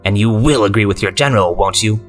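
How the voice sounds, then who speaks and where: Brief: a male narrator playing a sinister general in an audio story, gruff and deep, unnervingly calm. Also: faint music behind, close to an everyday voice. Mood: menacing. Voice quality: gruff, slow and delicate. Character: sinister male military general, possessed, coldly coaxing.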